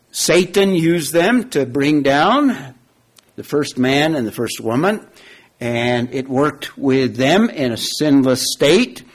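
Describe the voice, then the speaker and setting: Man, slow-paced sermon, deliberate, repeats phrases, addresses listeners. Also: mid-range voice. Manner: slow, deliberate, repeats key phrases, asks the audience questions. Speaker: preacher teaching from Genesis. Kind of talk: expository sermon.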